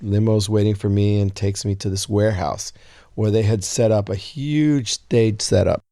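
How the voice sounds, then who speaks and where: A man in his sixties telling a long story as an interview guest, acting out quoted lines in a higher voice. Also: normal speed, no echo, studio quality. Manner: animated storyteller, acts out quotes in a high voice. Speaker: guest songwriter.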